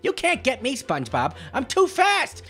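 A man voicing a clumsy, short-tempered male leprechaun with a put-on Irish accent, giving boastful, shouty commentary on a game. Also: very high voice, wildly swooping pitch, normal speed, breathy edge, faint music behind, heavily acted. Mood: excitable. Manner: giddy, boastful, shouty taunting. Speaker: gameplay commentator.

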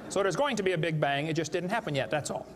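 A man's voice: on the high side, animated, fast talker. A man giving a live seminar lecture to an audience, joking and emphatic as he plays to the crowd. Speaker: creationist speaker. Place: large hall with a live audience. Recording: echoey hall with faint background noise.

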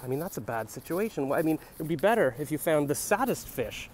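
Quick-paced and on the high side, a young comedian's voice swings widely in pitch as he rambles through a comic city-street vlog. He muses and free-associates into a handheld phone, with a little hiss or hum in the recording.

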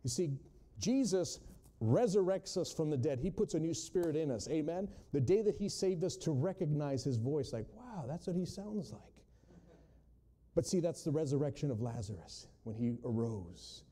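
Emphatic man preaching, rounded dark tone. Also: fairly high pitch, lively intonation, normal speed. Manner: testimony-driven, swings from hushed to loud emphatic quotes. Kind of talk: sermon.

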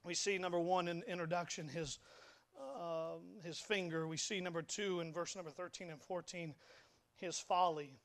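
Preaching in a church sanctuary at a normal speed, this young man has a high, steady, slightly bright voice. He's a pastor whose folksy, emphatic sermon is full of stammers and repeated words.

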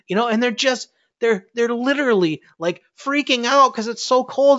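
A man's voice: very high-pitched, moderate pace, hardly any pauses, fairly bright tone, lo-fi sound. A middle-aged man, a network marketing coach, giving a fiery, preachy motivational talk and challenging his listeners.

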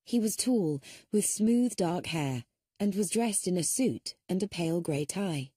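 A woman's voice: expressive, a little slow, warm tone, husky, no echo, clean studio sound. A woman reading an audiobook aloud, narrating the story and shifting her voice for each character. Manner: shifts pitch to voice different characters.

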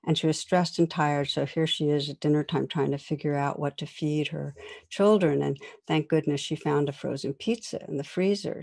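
A woman teaches meditation in a soft, unhurried way, leaving reflective pauses between her phrases. Her voice is mellow and warm. She sounds like she is guiding a practice as much as giving a talk. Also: low-pitched, vocal fry. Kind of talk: guided meditation and dharma talk.

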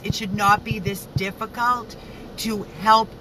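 A woman's voice: mid-range voice, steady tone, a little slow, noisy background. A woman rescue activist talking angrily and emotionally, swearing as she vents in a live video. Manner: angry, upset, swearing.

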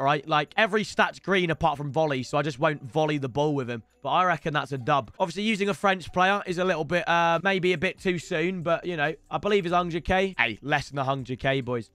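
Young man, gaming stream commentary, playful, bright high voice, dry sound. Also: clean tone, dry recording. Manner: chatty and playful, keeps addressing viewers as lads and boys.

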